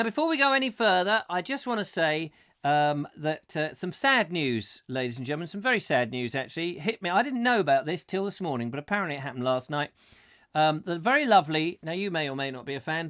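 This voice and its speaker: A man's voice: fairly high pitch, fairly bright tone. A middle-aged man hosting a live chat show, chatty and theatrical with rambling asides while he reads out viewer comments. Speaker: host.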